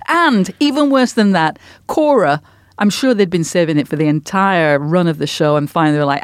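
Animated woman podcast co-host. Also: deep voice, clear, resonant tone, dry recording, studio quality. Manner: animated, exasperated, quick-witted. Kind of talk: casual chat.

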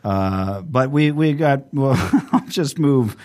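A man hosting a podcast in casual chat, rambling and animated, swearing freely. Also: medium pitch, slow. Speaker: podcast host.

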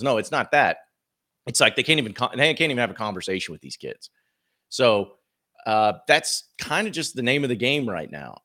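A male sports podcast host talking in a casual, blunt way. His pitch swings widely as he fires off rhetorical questions. His delivery is emphatic and opinionated. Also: a bit bright.

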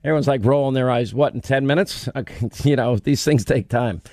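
A man's voice: medium pitch, brisk, darkish tone, slight background noise. A male talk radio host bantering with his staff and callers in a brash, joking way on a studio mic.

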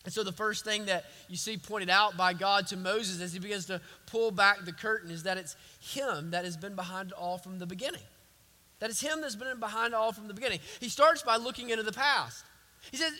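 A man's voice: high voice, fairly quick, bright, forceful tone, long reverb tail. A man preaching a sermon as a pastor, emphatic and repetitive.

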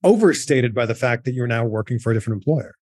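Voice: mid-range voice, expressive, quick pace, darkish tone. Podcast host with short supportive replies. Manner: brief supportive interjections. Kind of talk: interview listening and prompting.

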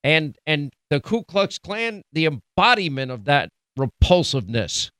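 Male talk host, middle-aged, indignant and emphatic; slightly high voice, dry studio sound. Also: big pitch swings, unhurried, fairly bright tone, dry recording. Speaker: radio talk show host. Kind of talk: political commentary.

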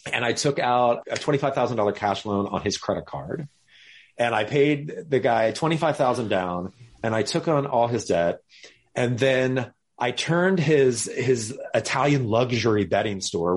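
A man telling the story of his early business in a casual, animated way, often acting out what people said. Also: mid-range voice. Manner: animated, quick to act out voices.

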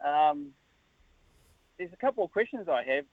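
Worked-up male caller, higher voice, dry tinny phone line. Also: very animated, moderate pace, no echo. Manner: fired up, questioning. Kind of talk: phone-in call.

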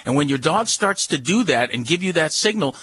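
A man's voice: on the high side, animated, brisk, a bit bright, breathy edge. A man giving dog training advice on a radio call-in show, folksy and repetitive as he coaches.

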